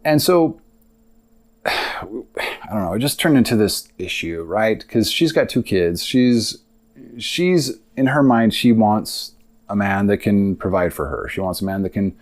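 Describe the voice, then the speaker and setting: A man's voice: lowish voice, lively intonation, unhurried. A young man hosting a podcast, telling a personal story in a rambling, casual way with lots of asides. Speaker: podcast host.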